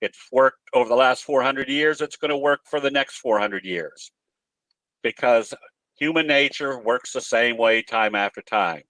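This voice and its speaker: A man's voice: medium pitch, a little slow, fairly bright tone, no echo. Man teaching chart patterns on a webinar, folksy and chatty, talking from his home office, dry close mic. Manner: folksy, explanatory, tells jokes. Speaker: trading presenter.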